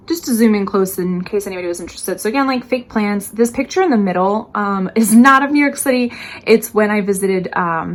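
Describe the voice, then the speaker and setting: A young woman chats her way through a tour of her own bedroom, upbeat and full of filler words. Her voice sits in a middle pitch, picked up by a camera mic in the room. A faint hiss sits under the recording. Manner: chatty, upbeat, many "um"s and "like"s. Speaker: vlogger giving a room tour. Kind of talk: casual chat to camera.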